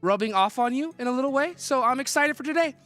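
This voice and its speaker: A man working as an esports co-analyst, full of hype and loud catchphrases. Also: very high-pitched, animated, quick pace, faint music behind.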